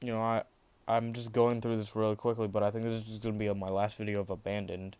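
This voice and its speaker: A man's voice: on the low side, little pitch movement, fast, darkish tone, clean tone. A man casually narrating a fan-made story, rambling, with many fillers and restarts.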